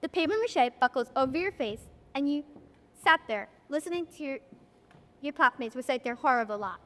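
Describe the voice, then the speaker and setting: A young woman narrates a school stage play in a wry storytelling voice, talking straight to the audience. Her voice is fairly high. It carries through an echoey auditorium, picked up from a distance. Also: animated, a little fast, a bit bright. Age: young adult.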